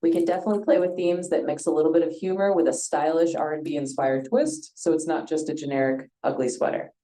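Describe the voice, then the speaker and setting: A synthetic female voice of an AI chat assistant, speaking in a smooth, even, upbeat way. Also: low-pitched, fast. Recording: roomy echo.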